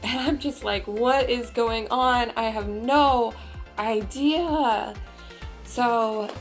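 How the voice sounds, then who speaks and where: Young woman, casual storytime vlog, chatty, lots of filler words, medium pitch, faint music. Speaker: vlogger.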